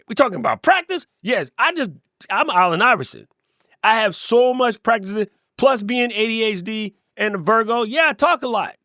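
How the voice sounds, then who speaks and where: A middle-aged man giving an energetic, conversational motivational talk to camera, with playful asides. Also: high-pitched, no echo, studio quality. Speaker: YouTube creator and coach.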